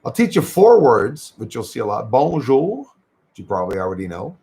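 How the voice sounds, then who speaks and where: Gravelly Quebec man chatting on livestream. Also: lowish voice, huge pitch swings, brisk, a little mellow. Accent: Québécois French. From Quebec, Canada. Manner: chatty, thanks viewers by name, lots of fillers. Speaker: livestream host. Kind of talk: casual livestream chat reading comments.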